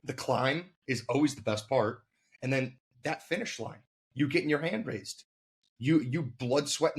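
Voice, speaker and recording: Male host, husky tone, pep-talk delivery, casual cursing. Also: medium pitch. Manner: emphatic, motivational, loosely profane. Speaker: podcast host.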